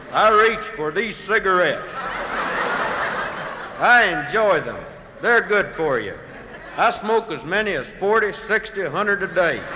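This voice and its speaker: A comedian voicing a dim athlete pitching cigarettes in a parody commercial, dopey and cheerful. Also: male voice. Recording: old live recording, reverberant hall, hiss.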